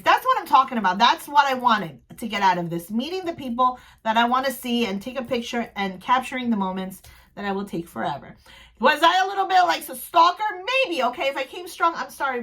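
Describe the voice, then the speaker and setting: A woman from New Jersey telling a casual storytime recap on her vlog, gushing and excitable, rambling with restarts. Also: on the high side. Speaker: vlogger.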